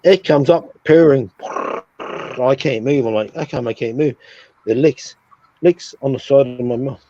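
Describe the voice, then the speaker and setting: A streamer tells a casual story with lots of profanity, animatedly acting out sounds and his own reactions. His medium-pitched voice is unhurried, with no room sound, and the stream audio is dull and lo-fi.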